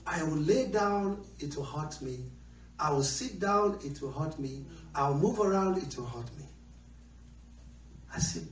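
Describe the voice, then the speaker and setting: A man preaching a sermon with an animated delivery, moving between quiet storytelling and shouting. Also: fairly high pitch, unhurried, pauses often. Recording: echoey hall, heard from far off.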